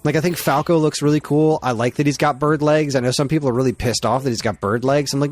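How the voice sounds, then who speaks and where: A man's voice: medium pitch, fairly even intonation, fast talker, few pauses, soft background music. A man co-hosting a casual gaming podcast, enthusiastic and opinionated, who swears freely. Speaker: podcast co-host.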